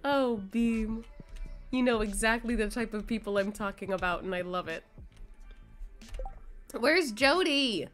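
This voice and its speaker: A woman's voice: measured pace, long pauses. A young adult woman streaming a farming game, chatting casually and giggling often as she plays. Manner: chatty, giggly, lively pitch swings. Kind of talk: casual gameplay chat. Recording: faint game music behind.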